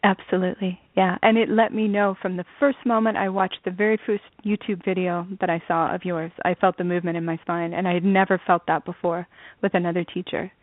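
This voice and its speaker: A woman's voice: fairly low pitch, level tone, brisk, no echo. A woman speaking as a guest in an interview over a video call, earnest and sprinkling in "you know". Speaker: interview guest, spiritual student. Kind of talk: conversational interview. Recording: dry, tinny phone-like line.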